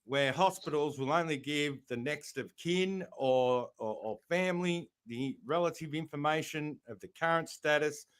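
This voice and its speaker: A man from Australia talks through events on a live-stream panel. His voice sits a little high, and he rambles and restarts as he explains. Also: moderate pace, hardly any pauses, a bit bright, smooth. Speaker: panel guest. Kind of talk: casual live-stream chat.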